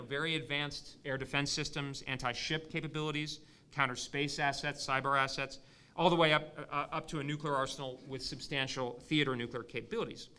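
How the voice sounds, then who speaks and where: A man's voice: fairly high pitch, bright, forceful tone. A man giving an analytical conference panel talk, often restarting sentences with many fillers. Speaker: panel speaker. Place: conference hall near an air force base.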